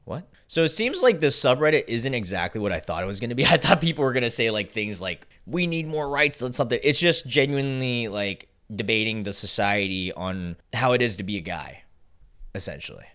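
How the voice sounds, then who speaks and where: Young man, low voice, casual reaction commentary, excitable, chatty. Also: fairly quick. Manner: chatty and excitable, laughs often, many fillers. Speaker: YouTube host.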